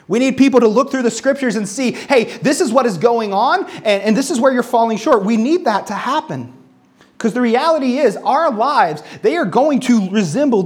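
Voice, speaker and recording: Earnest pastor with a lively, swinging voice. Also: medium pitch. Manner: earnest, repeats words for emphasis; reads scripture aloud between personal stories. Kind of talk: sermon.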